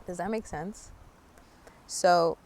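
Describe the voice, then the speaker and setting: A woman's voice: on the low side, slow, a little mellow, slight background noise. A young woman musing earnestly outdoors in a park, talking casually about spiritual growth with many fillers. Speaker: spiritual vlogger. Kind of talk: casual reflective monologue.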